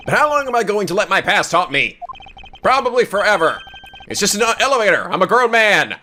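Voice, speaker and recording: A man giving casual, joking gameplay commentary, excitable and swearing often. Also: high-pitched, a little fast, slight background noise. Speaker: video game let's player.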